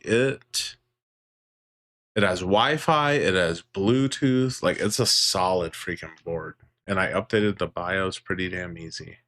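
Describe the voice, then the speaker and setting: A man chatting on a casual livestream, his pitch rising and falling in a lively, animated way. He jokes with viewers, talks to his parrot and laughs a lot, with easy, casual swearing. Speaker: livestream host.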